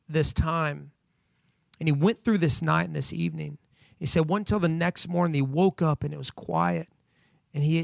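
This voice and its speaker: A man's voice: fairly high pitch, creaky, no room sound. A man preaching a sermon from home, speaking earnestly and building emphasis as he quotes scripture. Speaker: pastor. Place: at home during quarantine.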